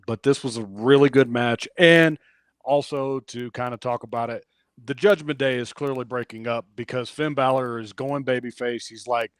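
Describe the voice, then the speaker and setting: A man's voice: medium pitch, fairly even intonation, moderate pace, clean tone, no room sound. Man animatedly recapping wrestling. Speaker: wrestling podcast co-host. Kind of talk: casual chat.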